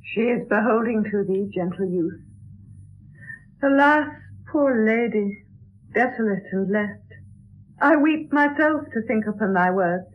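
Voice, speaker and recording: A woman's voice: fairly high pitch, lively intonation, measured pace. An actress playing a proud yet compassionate young noble lady, speaking verse with dignity and firmness in an old radio play. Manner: dignified, firm, stately delivery. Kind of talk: 1960s radio drama verse acting. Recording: tinny lo-fi 1960s radio broadcast.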